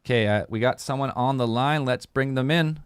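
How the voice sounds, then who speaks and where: A man's voice: medium pitch, brisk, clean tone, no echo. A man hosting a call-in show, chatting casually, joking and swearing freely. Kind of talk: casual call-in radio chat.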